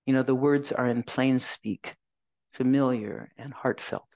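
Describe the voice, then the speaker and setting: A woman Zen teacher giving a dharma talk, reflective and gentle, telling a personal story and reciting verses slowly. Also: very deep voice, fairly even intonation, no room sound.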